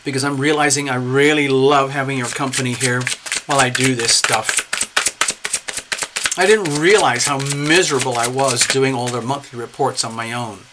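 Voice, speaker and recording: A man's voice: medium pitch, fairly even intonation, normal speed, very noisy. Chatty man giving a live tarot reading. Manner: chatty, rambling, greets viewers by name; lots of "okay?" and "you know". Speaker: tarot reader.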